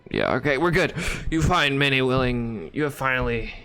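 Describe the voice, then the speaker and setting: A man playing a text adventure game, reading its lines aloud and adding wry, deadpan comments on a close mic. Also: mid-range voice, moderate pace, clear, resonant tone, faint music behind. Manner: wry, deadpan, bursts into laughter. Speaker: gaming YouTuber.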